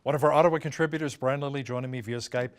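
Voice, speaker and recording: A man hosting a local newscast, asking guests brisk, conversational questions. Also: medium pitch, fairly even intonation, clear, resonant tone. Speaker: news anchor. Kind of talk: news interview hosting.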